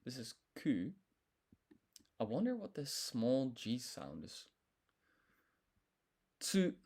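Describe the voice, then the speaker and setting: A man studying a language on a live stream, thinking aloud, sounding out syllables slowly and correcting himself as he goes. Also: medium pitch, huge pitch swings, vocal fry, darkish tone, slightly rough.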